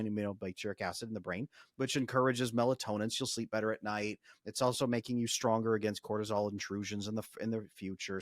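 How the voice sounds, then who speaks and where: Animated man coaching on podcast. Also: medium pitch, no echo, studio quality. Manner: animated, explanatory, talks through acted examples. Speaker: podcast guest, relationship coach. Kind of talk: podcast interview.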